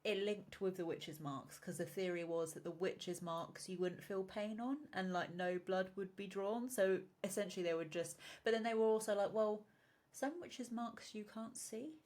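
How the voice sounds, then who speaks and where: A woman's voice: medium pitch, steady tone, moderate pace, few pauses, a little mellow. A woman co-hosting a podcast in casual chat, giggling often as she explains each point. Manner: giggly, explains topics with loose asides. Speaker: podcast co-host.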